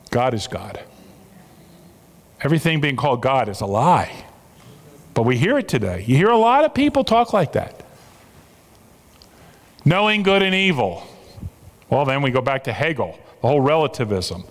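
A man's voice: a little high, very animated, moderate pace. A man preaching a sermon as a pastor, emphatic and repeating his key phrases for weight. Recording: long reverb of a large hall.

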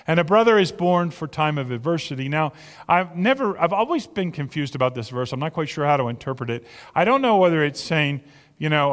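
Male pastor, slightly high voice, earnest chatty sermon delivery, long hall reverb. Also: very animated, brisk, fairly bright tone. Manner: earnest, conversational preaching with repeated words.

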